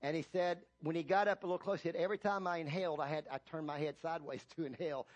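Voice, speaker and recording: A male pastor preaches a sermon in a church, his voice sitting a little high for a man. He tells a long story with stops and restarts, then builds into loud, emphatic scripture reading. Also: fairly even intonation, racing.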